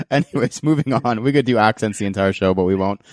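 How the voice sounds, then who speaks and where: A man hosting a casual podcast, talking in a relaxed, rambling way with lots of fillers. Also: fairly low pitch, fairly quick, no room sound, clean studio sound. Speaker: podcast host.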